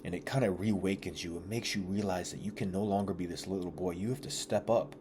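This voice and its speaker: A man's voice: low voice, fairly even intonation, fast, background noise. A young man talking earnestly and confessionally about his own life, in casual slang with some swearing. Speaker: vlogger. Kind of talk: candid personal reflection.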